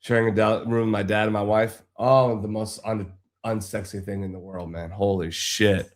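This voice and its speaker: A man's voice: lowish voice, flat delivery, normal speed. A man casually telling a long, frustrated story on a live stream, rambling and swearing freely.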